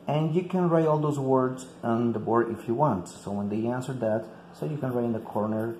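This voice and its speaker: Speaking to fellow teachers, a male English teacher explains a classroom activity step by step in a mellow, dark, lowish voice. He talks at a moderate pace with hardly any pauses, saying "like" often and repeating words. The room echoes, with faint ambient noise behind him.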